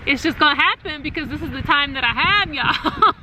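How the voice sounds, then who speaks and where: A woman's voice: high voice, expressive, moderate pace. A woman in her thirties talking casually to her viewers outdoors, chatty with many fillers and easy laughs. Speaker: vlogger. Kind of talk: casual chat. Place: outdoors in cold wind. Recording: wind noise on the mic.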